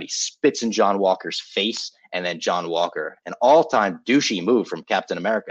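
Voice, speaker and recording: A man's voice: deep voice, moderate pace, hardly any pauses, dry recording, lo-fi sound. A man co-hosting a casual podcast, reading an ad and then retelling a show loosely, with swearing. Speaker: podcast co-host. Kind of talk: casual podcast chat with ad read.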